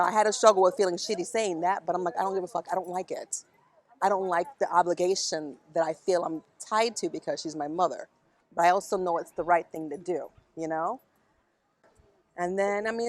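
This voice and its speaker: A woman's voice: on the low side, fairly quick. A middle-aged woman speaking frankly and emotionally outdoors in a park, blunt and sometimes swearing, about her own struggles. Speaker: interviewee. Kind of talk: candid conversation.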